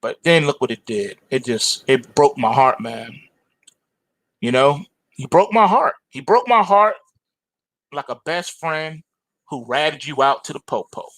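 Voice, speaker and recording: A man hosting an end-of-day trading report, talking about the charts in animated, slangy commentary and joking about them as if they were people. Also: on the high side, unhurried, pauses often, dry recording. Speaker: trading show host.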